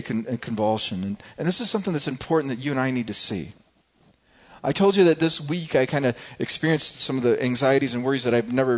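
A male pastor preaching a sermon in an earnest way, often repeating words as he searches for the next one. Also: mid-range voice. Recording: dull lo-fi recording.

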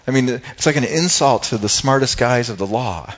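Conversational preacher, dull lo-fi sound. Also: male voice, medium pitch, animated, normal speed, few pauses. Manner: conversational, asks the congregation questions. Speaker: pastor. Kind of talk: sermon.

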